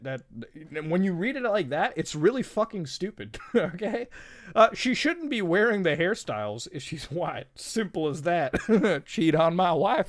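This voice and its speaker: A man with a fairly high voice hosts an online commentary. He rants with heat and plenty of swearing, mixing sarcasm into chatty asides aimed right at his viewers. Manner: profane, heated and sarcastic; chatty, addresses viewers directly. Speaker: host.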